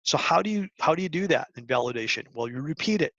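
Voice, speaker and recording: A man's voice: a little high, expressive, fast, few pauses, a bit bright, dry recording. Middle-aged guy coaching students, earnest, stumbles and restarts a lot, dry dull lo-fi sound. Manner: earnest, coaching, with frequent restarts and role-played examples. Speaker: guest speaker to high school students. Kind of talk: presentation talk.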